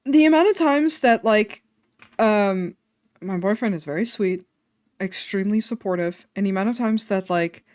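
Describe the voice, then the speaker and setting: A woman streamer chatting casually on a live stream, self-deprecating and quick to laugh. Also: medium pitch, a little mellow, no room sound, studio quality. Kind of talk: casual livestream chat.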